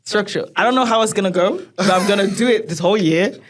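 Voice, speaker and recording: A woman with a French accent, speaking as a guest in a casual interview, reflective and halting, with frequent restarts. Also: mid-range voice. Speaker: guest, language teacher and dancer.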